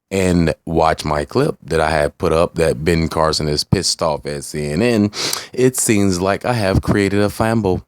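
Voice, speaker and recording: A man vlogging in a loose, rambling way, swearing freely and giving shout-outs to his viewers. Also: deep voice, no echo, clean studio sound. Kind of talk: casual rambling vlog.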